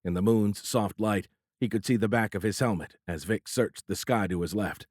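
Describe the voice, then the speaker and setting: A man narrating an audiobook thriller in a steady, measured storytelling voice. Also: on the low side, no room sound, studio quality. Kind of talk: scripted narration.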